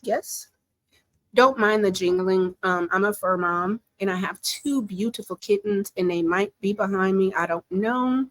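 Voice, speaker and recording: A woman giving casual commentary from home, chatty, animated and opinionated. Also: medium pitch, unhurried, no echo. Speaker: pop-culture commentator.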